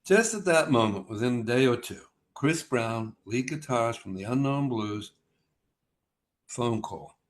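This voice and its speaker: A man's voice: medium pitch, expressive, a little slow. An older man, a musician guest telling rambling anecdotes in a casual video-call interview and acting out the dialogue. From Australia. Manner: rambling anecdotal, acts out dialogue with shifting voices.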